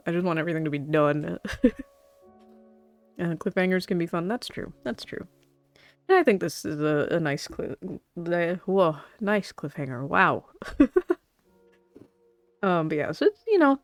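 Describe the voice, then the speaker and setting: Woman, livestream streamer, tearful, halting, rambling, nervous laughter, dry close mic. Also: lowish voice, dry recording. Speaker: VTuber streamer. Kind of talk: emotional livestream talk to chat.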